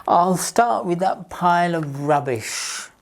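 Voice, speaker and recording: A woman voicing an eager, naive young male rabbit in a children's storybook reading, talking brightly and excitedly. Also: lowish voice, slow pace.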